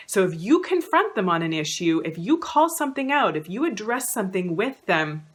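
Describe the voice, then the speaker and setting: Lady counsellor explaining stuff to camera, lowish voice, lots of "you know"s. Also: fairly bright tone. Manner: conversational, many fillers like "you know"; acts out quoted lines in a raised voice. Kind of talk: educational talk to camera.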